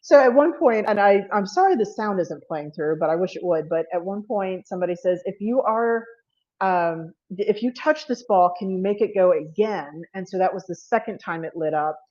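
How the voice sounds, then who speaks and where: A woman's voice: medium pitch, normal speed, a little mellow, highs cut off. A woman presenting her paranormal investigations at an online panel, chatty and apologetic, laughing often. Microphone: video call.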